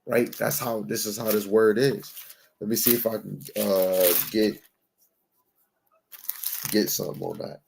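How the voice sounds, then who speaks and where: With a fairly low, darkish voice, vocal fry, and a flat, unhurried delivery full of long pauses, a man preaches a conversational Bible teaching. He's emphatic, uses street slang, keeps asking "right?", and reads scripture in old-fashioned wording, over a little hiss or hum.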